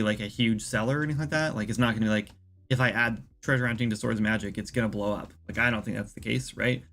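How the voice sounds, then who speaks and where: A man's voice: lowish voice, vocal fry. A man chatting casually as an indie game developer on a livestream, rambling and thinking aloud with lots of fillers.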